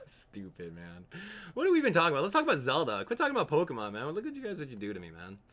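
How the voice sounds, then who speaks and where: A man's voice: mid-range voice, a bit bright, slight background noise. A young man chatting casually while streaming a game live, joking with viewers and laughing often. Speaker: gaming streamer. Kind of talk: live gameplay stream chat.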